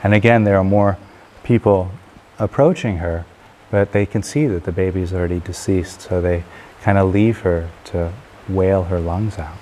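A man tells a traditional parable in an unhurried, relaxed manner, pausing with fillers now and then. His voice is deep and low. A faint hum of noise sits behind him. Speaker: storyteller. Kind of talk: spoken parable storytelling.

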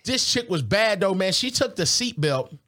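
Animated young man, high voice. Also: normal speed. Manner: animated, slangy, loud bursts when excited. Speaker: co-host. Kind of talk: casual chat and storytelling.

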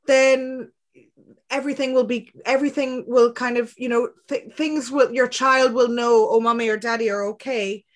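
A woman with a slightly high voice, speaking as a podcast guest. She talks in a gentle, reflective way, full of soft filler words. The tone is easy and conversational. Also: steady tone, moderate pace. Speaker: guest, clinical psychologist. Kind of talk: casual conversation.

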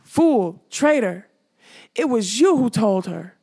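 A woman voicing a savage old king who shouts and curses in a storybook reading. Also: fairly high pitch, very animated, takes it slowly, husky, heavily acted. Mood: furious. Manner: shouting, cursing.

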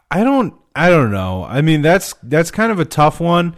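A man co-hosting a casual podcast chat, talking haltingly and restarting often. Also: fairly high pitch, wildly swooping pitch. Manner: halting, full of fillers and restarts.

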